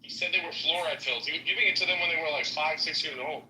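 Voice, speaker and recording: Sharp-toned man telling rambling stories. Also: on the high side, a little hiss or hum. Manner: rambling, halting storyteller. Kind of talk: casual chat. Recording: echoey room.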